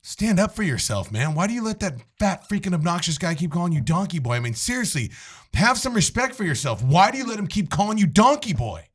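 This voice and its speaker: A man's voice: high voice, very animated, fairly quick, a little hiss or hum. A man voicing an exasperated male bartender who lectures a customer in a joke.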